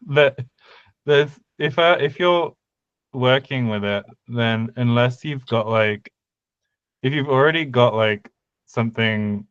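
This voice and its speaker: Slow, hesitant man in lo-fi chat. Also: mid-range voice, clear, resonant tone, dry recording. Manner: hesitant, thinking aloud with restarts. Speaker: podcast co-host. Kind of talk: casual chat about conlang sound changes.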